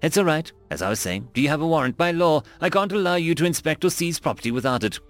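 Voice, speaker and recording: A man voicing a calm, emotionless female customs officer who speaks in an unperturbed, formal way in a storybook reading. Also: on the high side, fast talker, soft background music, voice pushed up, lightly acted. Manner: flat, unperturbed.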